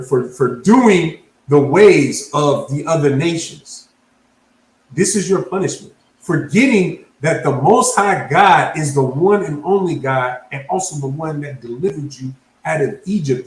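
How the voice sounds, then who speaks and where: A man's voice: a little high, echoey room, poor audio. A man preaching at a Bible class, reading scripture aloud and breaking it down in casual slang, often asking "you understand?". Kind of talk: street sermon, Bible class teaching.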